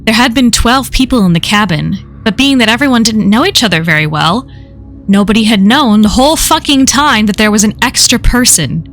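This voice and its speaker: A woman's voice: fairly high pitch, expressive, a little fast, a bit bright, faint music behind. A woman reading a first-person horror story aloud on a live stream, in a casual, conversational telling full of swearing.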